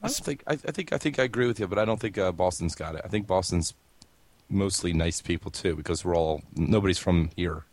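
Male podcast co-host, blunt and profane, rapid talker, dry close-mic sound. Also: deep voice, a little mellow, no room sound. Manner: blunt, fast, profane, quick to laugh. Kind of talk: casual chat.

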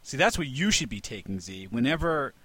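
A man co-hosting a casual chat, an animated storyteller who swears freely and laughs often. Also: medium pitch, a little fast, breathy edge, dry recording. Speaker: podcast co-host.

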